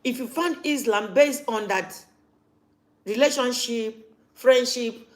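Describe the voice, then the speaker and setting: A woman's voice: fairly high pitch, measured pace. A woman, talking casually to camera as a vlogger and repeating her points for emphasis.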